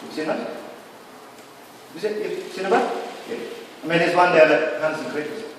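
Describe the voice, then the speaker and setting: A man's voice: on the high side, a little fast, far from the mic, a little hiss or hum. A man giving a casual, rambling floor talk about his artworks in a gallery. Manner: rambling, casual, with many "sort of" and "like" fillers. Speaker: exhibiting artist. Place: gallery, indoors. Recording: echoey gallery picked up from afar.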